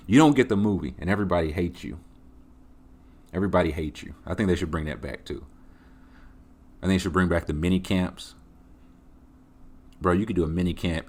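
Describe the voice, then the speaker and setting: Low-voiced dude riffing casually, jokey and animated, hosting his own show. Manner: jokey, animated, voices quoted game text. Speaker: host. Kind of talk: casual comedic commentary.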